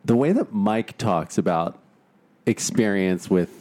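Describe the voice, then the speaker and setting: Lively low-voiced man joking crudely. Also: a little slow, slight background noise. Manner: teasing, crude, laughs often. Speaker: podcast host. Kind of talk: crude comedic banter.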